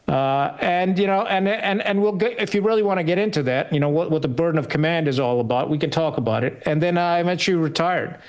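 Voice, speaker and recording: A man in his sixties, a retired officer, telling his story as a podcast guest in a blunt, salty way, with frequent pauses and fillers. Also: on the high side, smooth. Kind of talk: candid storytelling interview.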